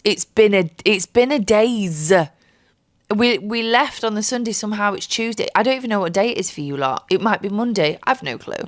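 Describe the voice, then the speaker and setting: A woman's voice: medium pitch, dry recording. A young woman with a stuffy cold, tired and jet-lagged, chatting from her bed in a sweary, jokey way. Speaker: podcast host. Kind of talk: casual chat. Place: bedroom.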